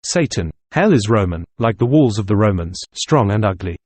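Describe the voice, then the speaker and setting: A man's voice: fairly low pitch, lively intonation, moderate pace, a little mellow, breathy edge, dry recording. A man reading the part of a young male student who argues insistently and scornfully.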